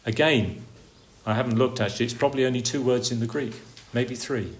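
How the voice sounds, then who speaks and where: A preacher delivering a sermon, posing rhetorical questions and swinging from emphatic peaks down to low, quiet lines. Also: male voice, steady tone, brisk.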